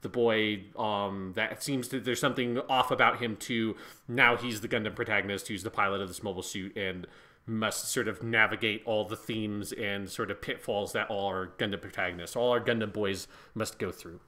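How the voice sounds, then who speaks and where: Excitable podcast guy, bright sharp voice, swears a lot, says like constantly. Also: on the low side, moderate pace. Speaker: podcast co-host. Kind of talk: casual chat.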